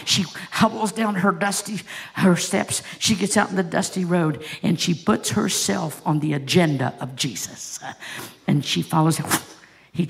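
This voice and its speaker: A woman's voice: deep voice, gravelly. A woman pastor preaching a sermon, telling stories with passion and asking the congregation rhetorical questions.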